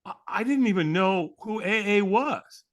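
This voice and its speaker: A man's voice: sits high, lively intonation, a little slow. A man telling a personal story as an interview guest, in a candid, earnest way, often adding "man".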